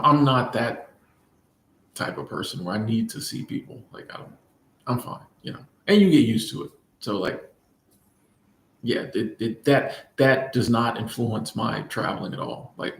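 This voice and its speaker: A man hosting a casual livestream, reading chat and answering viewers in a relaxed, playful way, often repeating his phrases. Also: mid-range voice, moderate pace, gravelly. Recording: echoey room.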